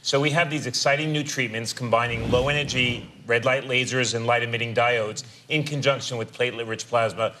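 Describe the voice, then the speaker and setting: A man appearing as a dermatologist guest on a TV show, explaining a treatment in measured clinical terms. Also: medium pitch, fairly even intonation, noisy background. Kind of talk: studio interview.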